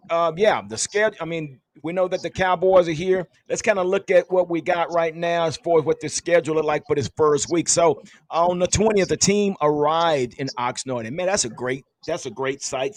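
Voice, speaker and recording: A man's voice: a little high, normal speed, no echo. A man hosting a casual sports fan podcast, upbeat and chatty, laughing often. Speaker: podcast host.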